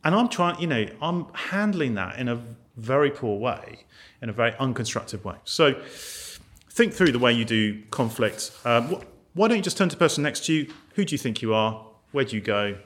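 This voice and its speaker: A British man leads a training session in a meeting room and talks to the group in a loose, conversational way. His pitch swings widely as he explains his points and acts out other people's lines. His voice sits mid-range for a man. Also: lively intonation, moderate pace, fairly bright tone. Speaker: ministry trainer. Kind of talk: teaching talk to a group.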